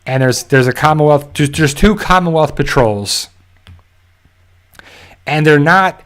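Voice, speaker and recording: A man's voice: fairly high pitch, unhurried, a bit bright. A man hosting his channel, giving a casual, rambling show recap on a live stream and repeating himself as he goes. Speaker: channel host.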